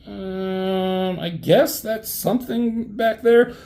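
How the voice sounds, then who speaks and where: A man reviewing a comic in a casual, rambling way, swearing often and filling pauses with ums. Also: high voice, creaky, warm tone. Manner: rambling, swears a lot, many fillers. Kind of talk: casual chat.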